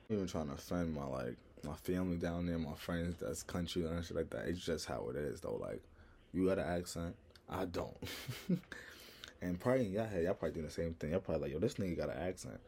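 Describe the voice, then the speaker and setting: Brash low-voiced New York man. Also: expressive, normal speed, creaky, long pauses, darkish tone, slight background noise. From Harlem, New York. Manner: brash, profane, rambling with lots of "like". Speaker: vlogger. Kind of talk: casual monologue to viewers.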